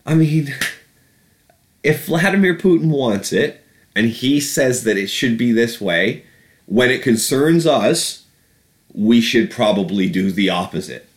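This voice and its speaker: A man's voice: mid-range voice, expressive, measured pace. A man ranting about politics on a podcast, profane and sarcastic. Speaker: podcast host. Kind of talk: casual political rant.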